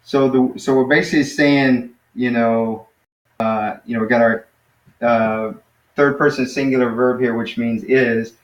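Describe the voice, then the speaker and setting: A man teaching a Greek class in a relaxed, hesitant way, with many fillers. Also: mid-range voice, normal speed, echoey room, highs cut off.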